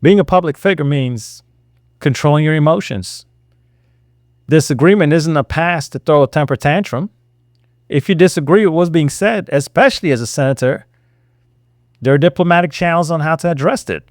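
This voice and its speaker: A man's voice: on the high side, moderate pace, no room sound, studio quality. A man giving sarcastic reaction commentary, lecturing his viewers and acting out quotes.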